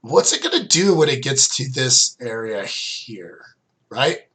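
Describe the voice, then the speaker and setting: Middle-aged male trading coach, bright tone, loose and rambling delivery, mid-pitched. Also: big pitch swings, a little slow. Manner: loose, rambling, many fillers and restarts. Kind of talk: casual screen-share chart review.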